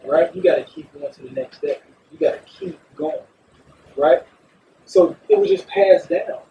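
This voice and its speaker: A man talking casually as a podcast co-host, animated and emphatic, swearing freely. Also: on the high side, normal speed, distant mic, slight background noise, low-quality recording. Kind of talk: casual chat. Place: recording studio.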